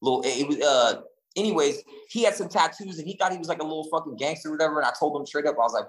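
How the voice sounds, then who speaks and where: A man co-hosting a casual chat, telling stories in an animated, profane and rambling way, full of restarts. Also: fairly high pitch, racing, poor audio. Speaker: podcast co-host.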